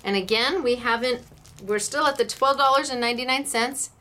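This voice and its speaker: A woman's voice: a little high, fairly quick, bright, forceful tone. A middle-aged woman hosting a casual craft demo, chatty and gushing, laughing often. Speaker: craft show host.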